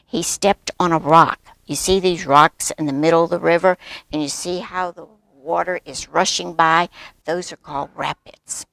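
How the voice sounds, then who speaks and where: A woman storyteller reading a picture book aloud to children, lively and asking them questions along the way. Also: low-pitched, normal speed, creaky, no echo. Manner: animated, asks the children questions.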